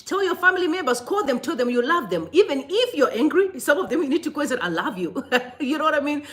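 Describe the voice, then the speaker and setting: A woman's voice: sits high, lively intonation, quick pace, fairly bright tone. A woman hosting a casual livestream, chatty and effusive, often breaking into laughter. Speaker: livestream host.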